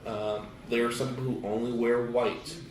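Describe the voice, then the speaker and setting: A man co-hosting a podcast in casual chat, expressive and opinionated, laughing easily. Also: medium pitch, moderate pace, echoey room, distant mic, slight background noise, low-quality recording. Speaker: podcast co-host.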